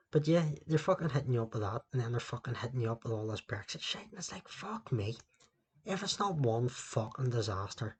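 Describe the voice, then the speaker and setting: A man's voice: mid-range voice, breathy edge. A man hosting a solo podcast, ranting and rambling with constant swearing into a laptop mic. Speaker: podcast host.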